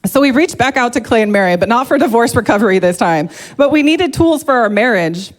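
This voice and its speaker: A woman giving a heartfelt, emotional personal testimony to a church congregation, speaking openly and earnestly. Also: medium pitch.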